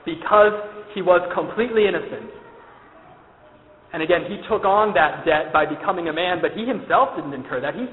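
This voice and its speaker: A man with a fairly high voice delivers a Catholic sermon, telling it like a story and turning often to his listeners. The sound is tinny and phone-like. A long reverb trails behind each phrase, as in a big church hall. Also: brisk, a little hiss or hum. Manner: conversational storytelling, addresses the congregation directly. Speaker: Catholic preacher. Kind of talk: Easter sermon.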